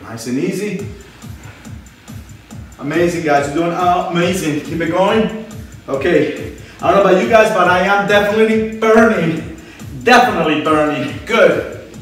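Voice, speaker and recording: A man leading a home workout as a fitness instructor, cheering people on and counting reps, out of breath. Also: sits high. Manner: energetic, encouraging, counts reps aloud. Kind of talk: live workout coaching. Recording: very echoey room, mic at a distance.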